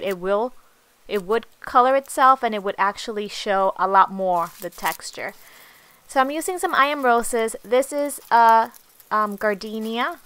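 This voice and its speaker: A woman's voice: fairly high pitch, a bit bright, smooth, dry recording, low-quality recording. A woman hosting a crafting tutorial, talking through each step in an easygoing voice-over with frequent ums.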